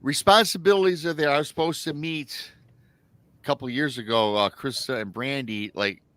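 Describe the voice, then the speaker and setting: A man's voice: mid-range voice, moderate pace, bright, forceful tone, no room sound. A man from Michigan hosting a casual live-stream chat, rambling through stories and reading out chat comments. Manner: rambling storyteller, reads chat aloud. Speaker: host.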